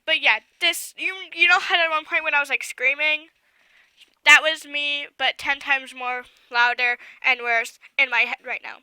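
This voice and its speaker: Brief: woman vlogger, very bright and high voice, rambling storyteller, dry close sound. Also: moderate pace, no echo. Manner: rambling, excitable, lots of fillers and asides. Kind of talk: casual storytelling to camera.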